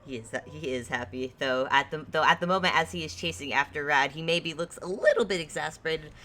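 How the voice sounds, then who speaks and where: Very low-voiced rambling woman host. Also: pushed and bright. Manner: rambling, halting, self-mocking. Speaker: game master and host. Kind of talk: casual chat introducing a tabletop game.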